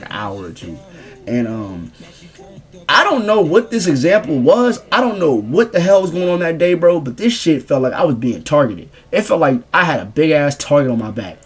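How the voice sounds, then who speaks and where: A young man rambling through a casual storytime vlog in slangy, animated speech. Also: medium pitch. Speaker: streamer telling a story.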